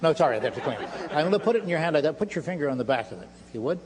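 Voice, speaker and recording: A man's voice: a little high, big pitch swings, racing, a crowd in the background. An older man giving a live stage lecture with magic demonstrations, in playful, self-mocking showman patter. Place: lecture hall stage before an audience. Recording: live hall recording with faint hum. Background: audience laughter.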